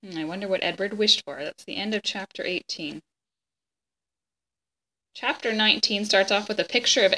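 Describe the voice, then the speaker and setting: A woman reads a children's chapter book aloud, gentle and expressive, pausing now and then to talk the story over with young listeners. Her voice is bright and clear, at an ordinary middle pitch. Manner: gentle, expressive, pauses to explain.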